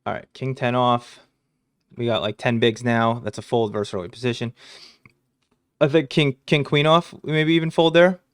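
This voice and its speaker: A man's voice: medium pitch, steady tone, moderate pace, clean tone, no echo, clean studio sound. A man casually reviewing his poker hands, joking crudely and swearing as he goes. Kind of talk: casual hand review commentary.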